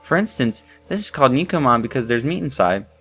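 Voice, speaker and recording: A man reading aloud and voicing a polite, gentle young woman from a game, with soft, courteous and formal speech. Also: medium pitch, very animated, fast talker, slightly rough, faint music behind, pitched above the performer's own voice. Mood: explaining.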